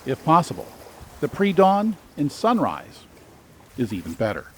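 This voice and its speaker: A man's voice: fairly high pitch, wildly swooping pitch, unhurried, slight background noise. A man hosting a travel guide, giving scripted narration with dry, sarcastic asides.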